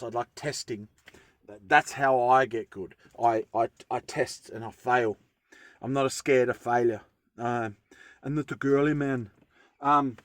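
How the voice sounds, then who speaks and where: A man's voice: medium pitch, no echo. A man chatting casually through a tool-sharpening tutorial, rambling and often interrupting himself. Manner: rambling, self-interrupting, easygoing. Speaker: bushcraft vlogger.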